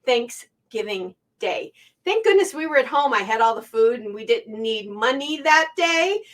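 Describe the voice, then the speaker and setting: A woman's voice: fairly high pitch, animated, a little slow, fairly bright tone. A middle-aged woman hosting a quilting channel, talking to her viewers in a chatty, heartfelt, rambling way. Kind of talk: casual talk to camera. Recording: voice a bit far from the mic.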